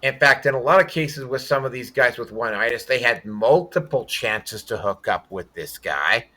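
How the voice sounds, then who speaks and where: A man's voice: mid-range voice, normal speed, bright, forceful tone. A man hosting a casual podcast hangout, talking bluntly with frequent swearing and rambling restarts. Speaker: podcast host. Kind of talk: casual livestream chat.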